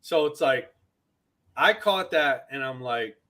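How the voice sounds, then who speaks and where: A man's voice: medium pitch, animated, slow, pushed and bright. A man co-hosting a wrestling podcast, talking in an emphatic, ranting way and repeating himself to make his point. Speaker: podcast co-host. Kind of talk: casual wrestling chat.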